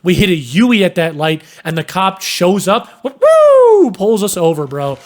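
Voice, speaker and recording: A young man casually telling a story on a podcast, animated, cursing and acting out sounds and voices. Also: high-pitched, moderate pace. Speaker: podcast host.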